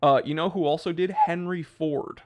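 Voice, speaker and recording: A man's voice: fairly high pitch, moderate pace, a little mellow. A man hosting a casual livestream, chatting loosely and rambling, with laughs at his own jokes. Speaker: livestream host.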